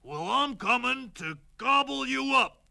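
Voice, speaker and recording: A roaring troll. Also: male voice, extremely high pitch, lively intonation, a little slow, vocal fry, pushed and bright, pitched above the performer's own voice, heavily acted. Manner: roaring, menacing. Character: angry male troll under a bridge.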